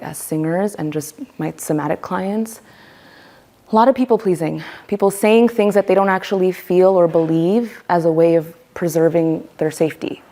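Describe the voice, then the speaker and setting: A woman teaching a voice workshop, lively and playful, acting out the voices she quotes. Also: lowish voice. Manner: animated, acts out quoted voices. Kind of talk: workshop lecture.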